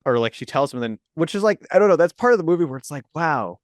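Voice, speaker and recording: A podcast host casually discussing a movie, rambling and enthusiastic, with lots of fillers. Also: male voice, fairly high pitch, lively intonation, very fast, dry recording, studio quality.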